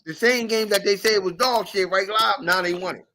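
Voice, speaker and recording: A podcast host ranting in casual chat, profane and animated, and circling back on his own words. His voice sits high. It has a bright, forceful edge. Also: moderate pace, slight background noise.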